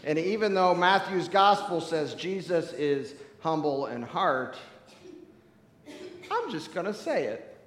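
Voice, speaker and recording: A man's voice: a little high, sing-song, slow pace, a bit bright. A man preaching a sermon to his congregation in a church, playful and teasing as he talks straight to the people in the pews. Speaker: pastor. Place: church sanctuary. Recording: echoey church hall with long reverb.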